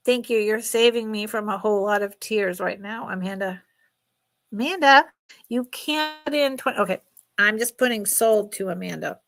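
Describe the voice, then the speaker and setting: Hosting an informal jewelry sale on a live stream, a middle-aged woman speaks at a medium pitch and normal speed with a creaky voice and long pauses. She is talkative and emotional and laughs frequently.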